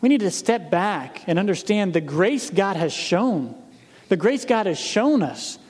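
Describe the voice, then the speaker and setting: A male pastor delivering a sermon with a fairly high voice. He speaks earnestly and directly to his congregation, slowing down to read scripture with weight. His voice rings out in a hall with a long, lingering reverb. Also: very animated, a little mellow. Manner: reads scripture aloud slowly with emphasis.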